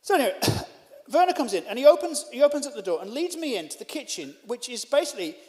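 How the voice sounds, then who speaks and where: Lively high-voiced male stand-up comedian. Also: fast, long reverb tail. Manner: animated, self-deprecating storytelling. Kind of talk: stand-up storytelling. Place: live venue.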